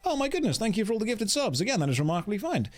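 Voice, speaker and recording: A man's voice: sits high, big pitch swings, very fast. A man casually chatting on a game livestream, rambling and joking while reading chat aloud.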